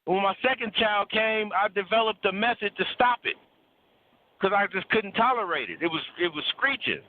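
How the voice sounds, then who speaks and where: On a casual call-in show about relationships, a man with a fairly high voice lectures in a blunt, preachy way, cursing freely and driving points home by repeating words. His voice comes through a thin, phone-like line lacking low end, and he sounds animated at a normal speed.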